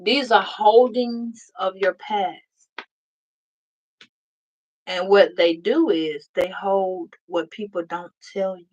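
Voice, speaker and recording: A woman's voice: mid-range voice, slow, dull audio. Blunt, profane woman doing a tarot reading. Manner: blunt, profane, emphatic, addresses viewers directly. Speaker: tarot reader. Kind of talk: casual tarot reading to viewers.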